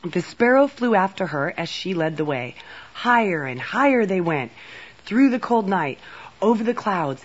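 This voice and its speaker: A woman reading a Christmas storybook aloud in a soft, slow, gentle narration, heard on a dull lo-fi recording. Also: fairly low pitch, slightly rough. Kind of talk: children's storybook read-aloud.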